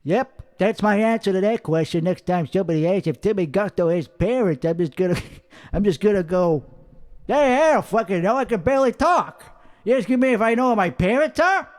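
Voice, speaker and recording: A man's voice: sits high, a little fast, warm tone, lightly acted. A man performing a brash, clueless young man persona in a karaoke bar, rambling and cursing as he interrupts himself. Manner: profane, rambling, self-interrupting. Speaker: comedy character performer. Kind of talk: in-character rambling stand-up. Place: karaoke bar with colored lights.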